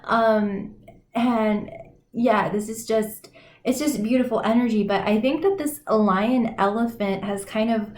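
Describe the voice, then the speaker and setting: A woman giving a casual intuitive oracle card reading, exclaiming and laughing often, with many fillers. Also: mid-range voice. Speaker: tarot and oracle card reader. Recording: echoey room, faint noise.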